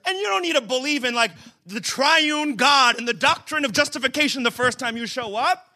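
His voice strikingly high, bright and forceful, a pastor delivers a brisk, humorous sermon to a church congregation in a loose, joking way. He keeps moving between offhand asides and emphatic points he shouts out.

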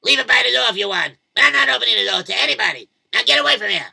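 A man voicing a grumpy, lonely old man who mutters low and bellows at children to go away. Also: animated, rapid-fire, gravelly, sharp tone, slightly rough, full character voice. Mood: furious.

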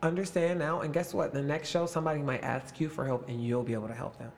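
A man's voice: on the high side, fairly even intonation, quick pace, gravelly, a little hiss or hum. A man in his late twenties, an actor, chatting with young castmates in a casual, upbeat, playful interview.

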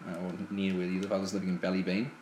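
A man co-hosts a casual podcast chat, rambling through a story with many ums. His voice sits low. It comes from an echoey room with a faint hiss behind it. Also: completely flat delivery, racing, darkish tone. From New Zealand. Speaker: podcast co-host.

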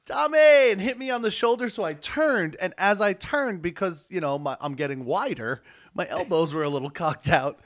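A man's voice: sits high, normal speed, fairly bright tone. A young adult man co-hosting a casual podcast, telling crude rambling stories with loose joking energy. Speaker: podcast co-host. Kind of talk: casual comedic chat.

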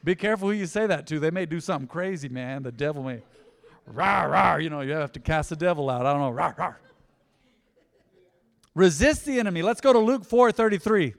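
A male pastor preaching a sermon emphatically, swinging from loud peaks down to hushed lines. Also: a little high, quick pace, hardly any pauses. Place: church sanctuary. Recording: long church reverb.

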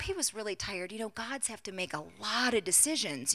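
Bright, dramatic woman preaching. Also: on the high side, lively intonation, moderate pace, hardly any pauses. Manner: dramatic, swinging from loud acted quotes to hushed asides. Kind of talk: sermon.

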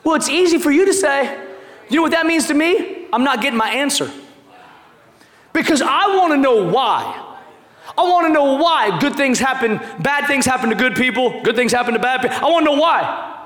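Thirty-something pastor guy, really high voice, jumpy and emphatic, lots of room echo. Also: moderate pace. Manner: animated, jokey, emphatic preaching with sudden shouts. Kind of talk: sermon. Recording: echoey hall.

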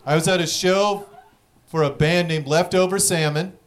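A young man doing a stand-up comedy set, telling stories in a profane, rapid way with act-outs, audience laughing behind him. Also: on the high side, fairly even intonation.

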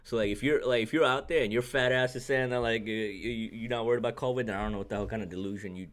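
A man co-hosting a casual sports podcast, animated and profane, breaking into laughter often. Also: mid-range voice, very fast. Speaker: podcast co-host.

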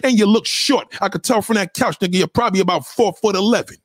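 A man's voice: high-pitched, quick pace, no room sound, studio quality. A man giving a profane, aggressive reaction rant as an online commentator, insulting and repeating himself.

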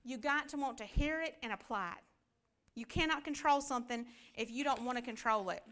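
Woman Bible teacher, high, clear voice, conversational preaching style. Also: a little fast, fairly bright tone. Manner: conversational preaching, rhetorical questions. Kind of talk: church Bible class teaching.

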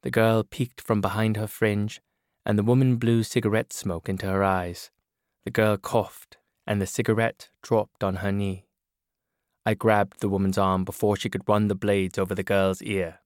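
A man narrating a novel in a measured first-person reading. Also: on the low side, flat delivery, dry recording. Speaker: audiobook narrator. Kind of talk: scripted narration. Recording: dry studio booth.

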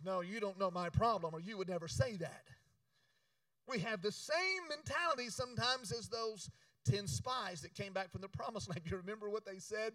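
A man preaching a sermon, urging the congregation to repeat after him and switching between loud exhortation and quiet storytelling. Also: sits high, expressive, normal speed, no room sound, far from the mic, rough recording. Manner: emphatic, call-and-response preaching. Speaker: pastor.

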